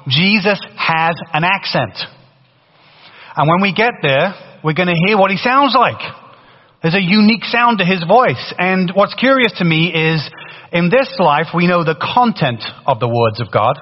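A man preaching a sermon in a lively, conversational way, with a faded British accent and many restarts. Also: fairly high pitch. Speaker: pastor. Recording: dull sound in a long-reverb hall.

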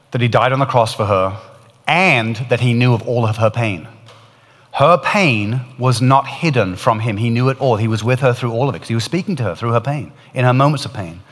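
A man's voice: mid-range voice, long reverb tail. A man preaching a sermon, retelling a story in an earnest, emphatic way that swells and drops in intensity.

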